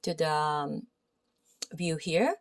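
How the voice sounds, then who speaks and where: A woman's voice: low-pitched, takes it slowly. A woman with a Filipino accent teaches anatomy in a chatty style, with many fillers, and often checks in with her listeners. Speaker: massage therapy instructor. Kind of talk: casual anatomy lesson.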